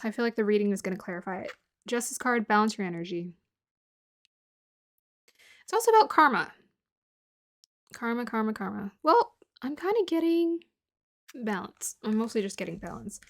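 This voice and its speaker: A woman's voice: mid-range voice, slight background noise. A woman giving a casual tarot reading to her viewers, musing aloud, laughing often and sometimes dropping to a murmur. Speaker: tarot reader.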